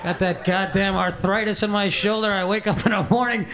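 A man playing a crude, complaining old male football referee in a stand-up bit, with loud audience noise behind him. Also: sits high, fairly even intonation, fairly quick, crowd noise, close to an everyday voice. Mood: grumbling. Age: older. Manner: crude, complaining, gravelly grumbling. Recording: live audience laughter and room noise.

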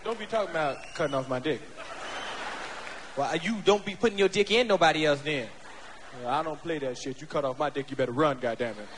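Male stand-up comic, fairly high voice, brash, profane, animated, live stage with faint noise. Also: fairly quick, in a large hall, a faint crowd. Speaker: stand-up comedian. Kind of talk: stand-up comedy routine. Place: stage before a live audience.

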